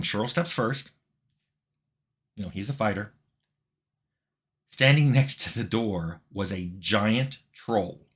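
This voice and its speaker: A middle-aged man casually telling a funny anecdote in a relaxed, wry way, sometimes laughing as he goes. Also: lowish voice. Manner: relaxed, wry, laughs at his own story. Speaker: game developer telling a story.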